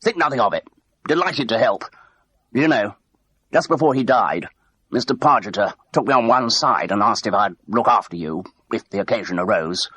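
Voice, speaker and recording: A man's voice: on the low side, lively intonation, normal speed, fairly bright tone, slightly rough, dry recording, voice pushed up. A man doing a bluff, hesitant ex-crook major. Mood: tender. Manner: hesitant, chatty, full of ums and uhs. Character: bluff middle-aged man, ex-crook posing as army major.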